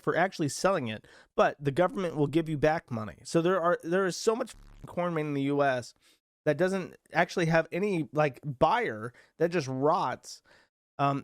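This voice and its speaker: Guy doing snarky commentary, kinda high voice, lots of ums and restarts, dry sound. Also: dry recording. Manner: mocking, sarcastic; rambling with restarts and fillers. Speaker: host.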